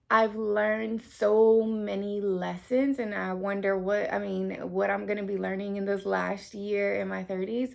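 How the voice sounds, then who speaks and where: A woman in her late thirties talks through a tarot reading in a loose, chatty way, with plenty of "um" and "like" and an occasional curse. Her voice has a gravelly edge with vocal fry at a middle pitch. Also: a little mellow. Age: 30s. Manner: chatty, lots of fillers, swears casually. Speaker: tarot reader. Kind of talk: casual tarot reading to camera.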